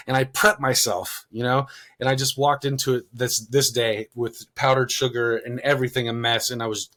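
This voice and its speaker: A man co-hosting a parenting podcast, telling a rambling personal story full of fillers, getting loud and animated when he quotes himself. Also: mid-range voice, fairly quick. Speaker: podcast co-host. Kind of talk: casual conversational storytelling.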